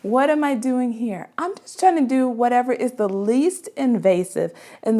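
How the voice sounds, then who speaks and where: A woman's voice: on the high side, expressive, moderate pace, few pauses, dark tone. A woman, a mother, giving parenting advice in an earnest, conversational way, often checking in with the listener. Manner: earnest and conversational, with frequent "right?" asides. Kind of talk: casual advice talk.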